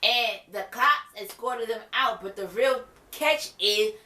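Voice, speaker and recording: A woman recapping a TV episode in casual chat, animated and exclaiming, with laughs between her remarks. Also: on the high side, takes it slowly, roomy sound. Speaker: TV episode reviewer.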